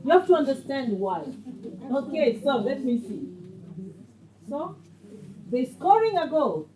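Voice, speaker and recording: A woman's voice: high-pitched, big pitch swings, measured pace, warm tone, echoey room, recorded from a distance, slight background noise, poor audio. A woman teaching a beginner English class, patient and questioning, repeating phrases so her learners catch them.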